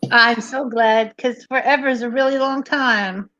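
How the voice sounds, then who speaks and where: A woman's voice: fairly high pitch, fairly even intonation, measured pace, fairly bright tone, highs cut off. A woman chatting casually with friends, joking and laughing often, slipping into silly put-on accents. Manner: giggly, joking, puts on silly mock accents. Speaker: show host. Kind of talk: casual chat among friends.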